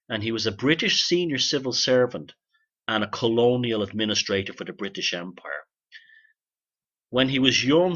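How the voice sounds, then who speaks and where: Male podcast host, sharp-toned, rambling sardonic monologue, lo-fi sound. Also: mid-range voice. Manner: rambling, sardonic, swears casually.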